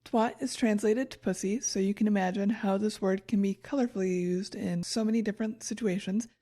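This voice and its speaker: A woman's voice: mid-range voice, steady tone, fairly quick, warm tone. A woman co-hosting a podcast, reading her research notes in casual chat and laughing at her own stumbles. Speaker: podcast co-host.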